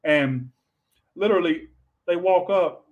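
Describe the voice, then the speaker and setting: The sound is phone quality as a man with a high-pitched voice slowly works through a casual livestream tarot reading. Worn out and low on energy, he says he's tired, rambles, swears in passing, and keeps saying "all right."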